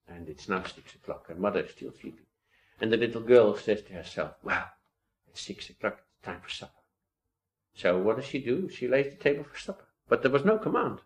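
A man preaching an expository Bible sermon, reading old-style scripture aloud and stressing key points with earnest rhetorical questions. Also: mid-range voice. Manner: quotes old-style scripture and builds to emphatic rises.

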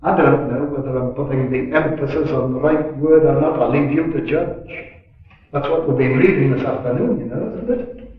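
A man giving a sermon at a gospel meeting, earnest and unhurried, swelling on key words and dropping in chatty asides. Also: mid-range voice. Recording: echoey room, distant mic, dull lo-fi.

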